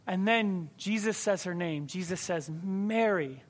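A man's voice: high-pitched, measured pace. A man preaching a sermon to his congregation in a conversational, emphatic way.

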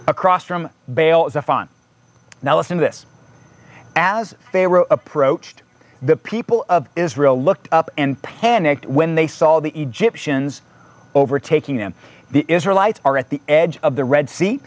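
A man's voice: on the high side, no echo. A man preaching a sermon in a conversational way, reading scripture aloud and adding casual asides. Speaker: pastor.

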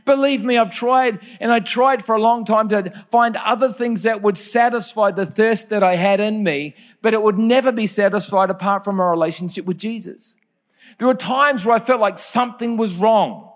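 A man preaching a sermon, earnest and personal, telling stories and correcting himself with quick asides. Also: sits high. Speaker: pastor.

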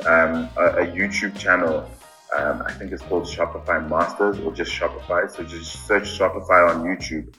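A man speaking as a podcast guest, earnest and deliberate, often pausing with ums and repeating "I really think". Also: low-pitched, sharp tone, rough recording. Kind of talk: casual interview answers.

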